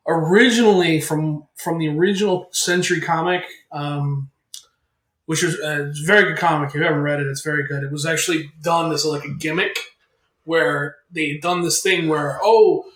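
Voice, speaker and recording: A man's voice: fairly high pitch, fairly even intonation, moderate pace, a bit bright. A man co-hosting a podcast, explaining comic history in a thoughtful, hedging way. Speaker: podcast co-host. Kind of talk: casual chat. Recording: roomy echo.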